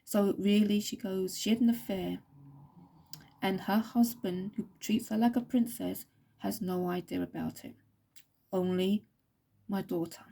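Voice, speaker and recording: Gravelly, husky woman giving a psychic reading. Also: medium pitch, a little slow, long pauses, mellow. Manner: relays a spirit's words in long repetitive runs. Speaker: psychic reader.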